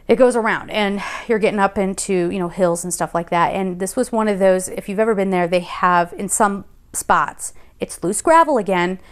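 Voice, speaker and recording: A young adult woman vlogging, telling a rambling personal story in a chatty, animated way and laughing now and then. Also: medium pitch. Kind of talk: casual storytelling. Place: Colorado Springs.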